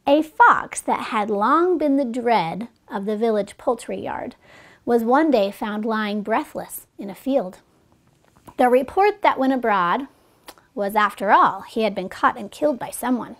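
A woman reading fables aloud to children as a storyteller, with gentle, chatty asides to her listeners. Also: fairly high pitch, lively intonation, measured pace.

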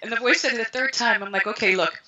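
A woman guest in an interview, telling spiritual stories in a lively way, often laughing and acting out the voices in them. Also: on the high side, fast talker, highs cut off. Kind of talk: conversational storytelling.

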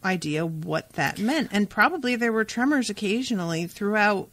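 A woman co-hosting a podcast in casual chat, animated and blunt, with quick asides. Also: mid-range voice, dry recording. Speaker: podcast co-host.

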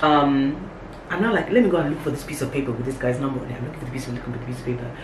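A young woman telling a casual story on camera, acting out every quote with big jumps in her voice. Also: racing. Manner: animated, acts out quotes with big pitch jumps. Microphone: camera on a tripod. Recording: echoey room with faint background hum.

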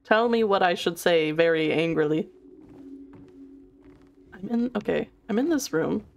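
A woman's voice: fairly low pitch, expressive, unhurried, creaky, faint music behind. A woman streaming a horror game in a giggly, chatty way, swearing casually as she plays. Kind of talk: casual live-stream chat.

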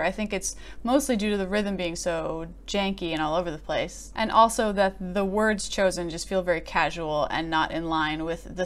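A woman giving a casual poetry critique, chatty and amused, often filling pauses with "like.". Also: medium pitch. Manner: chatty, frequent "like" fillers, amused. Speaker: poet and video host.

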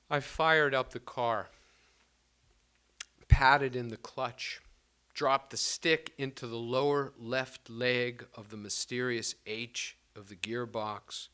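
A male poet giving a public reading of his work, measured and expressive, with casual asides between pieces. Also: mid-range voice. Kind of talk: literary reading to an audience.

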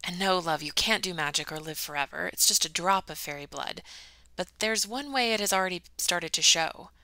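Voicing a brusque, matter-of-fact storybook character, a stout older woman given to scolding, a female reader delivers her lines briskly. Her tone is crisp and bright, pitched a little low, and the recording has no echo.

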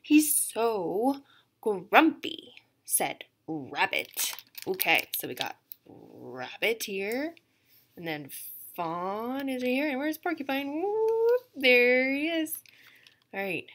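A woman works as a museum educator, reading a picture book to young English learners. Her fairly high voice swoops up and down with lively expression. She takes her time, repeats words slowly, and sometimes drops to a soft whisper. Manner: animated, slow and repetitive, drops to soft whispers.

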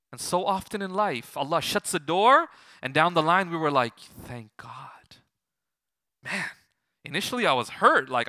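A bright, forceful man giving an Islamic lecture, a little higher-pitched than most men. He keeps putting questions to his listeners, and his voice sounds dry and close. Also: no room sound. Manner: animated, asks the audience questions. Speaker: Islamic teacher.

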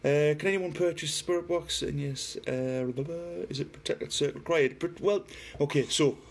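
A man's voice: fairly high pitch, normal speed, creaky. A middle-aged man from Newcastle with a Geordie accent, chatting casually on a paranormal livestream, reading viewer comments and talking to a spirit box. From Newcastle, northeast England.

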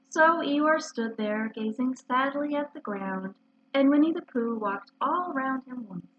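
A woman, a librarian, reading a children's story aloud in an expressive storytelling way, on a muffled lo-fi recording. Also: high-pitched, measured pace, husky.

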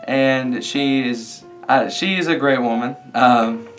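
A teenage boy in a high school musical's cast talks through an interview, pausing often and restarting his sentences. Clear music plays underneath his voice. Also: fairly bright tone, poor audio. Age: teens. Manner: hesitant, many fillers and restarts. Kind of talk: casual interview.

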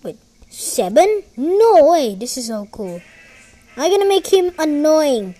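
A woman giving excitable, giggly commentary while playing a game. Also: high voice, takes it slowly, faint music behind. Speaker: gamer. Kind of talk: gameplay commentary.

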